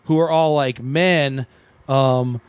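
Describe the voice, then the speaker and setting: A man on a podcast as the comedian guest, riffing in animated, casual comedic chat. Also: medium pitch, slow, smooth, no echo. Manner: animated, riffing, breaks into shouted singing.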